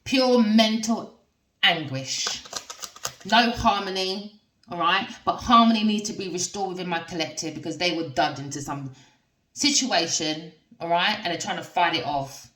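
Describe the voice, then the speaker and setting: A woman giving a casual tarot reading, talking straight to her viewers with lots of tag questions and excited outbursts. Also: lowish voice, moderate pace, far from the mic. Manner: addresses viewers directly with frequent tag questions; expressive, with sudden gasps and excited outbursts. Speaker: tarot reader. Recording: roomy sound from away from the mic.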